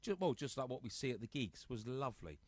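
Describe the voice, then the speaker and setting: The host of a live-streamed music show, a man with a medium-pitched voice, talks fast and very animatedly with no echo. Lounging on his home sofa show, he chats casually with viewers, teasing them and reading their comments aloud.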